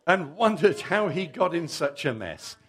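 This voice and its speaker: Lively, slow-paced male preacher. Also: on the high side, breathy edge. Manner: lively storytelling, coaxing children to act along. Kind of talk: Father's Day family sermon with told story.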